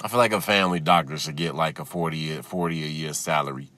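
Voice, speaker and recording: Deep-voiced man ranting, swearing nonstop. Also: fast talker, bright, forceful tone, no room sound. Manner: profane, ranting, swears constantly. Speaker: podcast host. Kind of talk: solo comedic podcast rant. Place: inside his own parked car. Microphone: phone.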